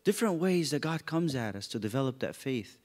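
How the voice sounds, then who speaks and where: A man teaching a youth Bible study, animated and joking as he acts out people's reactions. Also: medium pitch, fairly quick.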